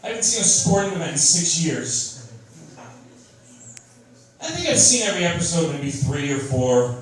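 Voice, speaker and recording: A man's voice: fairly high pitch, very animated, moderate pace, slight background noise. A man doing a stand-up comedy set in a club, with a crude, sardonic, mocking delivery. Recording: echoey club from far off, crowd laughing. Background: audience laughter.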